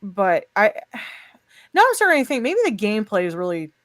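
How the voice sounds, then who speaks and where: Female co-host, animated intonation, expressive casual chat, dry close recording. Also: medium pitch, normal speed, no echo. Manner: expressive, laughs often, lots of fillers. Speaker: podcast co-host.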